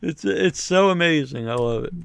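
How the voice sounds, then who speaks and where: A man co-hosting a casual podcast chat, animated, laughing often and stammering when he is unsure. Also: on the high side, normal speed, gravelly, smooth, no echo. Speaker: podcast co-host.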